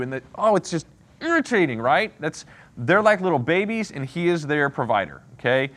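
A man teaches a Bible class with a lively, swooping voice. He keeps the class involved with questions and often checks in with "okay?" and "right?". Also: a little high, normal speed. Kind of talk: interactive Bible lesson.

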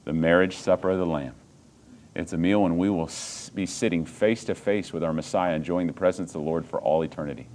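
A pastor with a very low voice delivers a sermon. He drops to a quiet hush, then climbs into loud, emphatic preaching and throws rhetorical questions at his congregation. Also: fairly even intonation, a little fast, slight background noise.

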